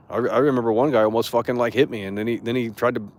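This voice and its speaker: A man's voice: mid-range voice, fast talker, hardly any pauses. A young man streamer ranting to his chat in a rambling, profane, indignant way. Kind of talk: casual rant to chat.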